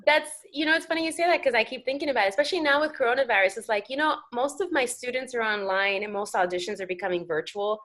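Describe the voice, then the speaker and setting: An American actress talking as a guest on a talk show, animated and chatty with lots of fillers. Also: female voice, fairly high pitch, fast, hardly any pauses. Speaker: guest actor. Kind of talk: casual interview chat.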